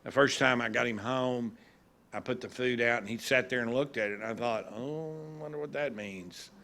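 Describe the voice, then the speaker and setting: A man with a drawl and a gravelly edge to his voice, speaking at a graduation ceremony. He tells folksy, humorous stories at a middling pitch, like a judge at ease with a crowd. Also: moderate pace, pushed and bright. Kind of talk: ceremony speech.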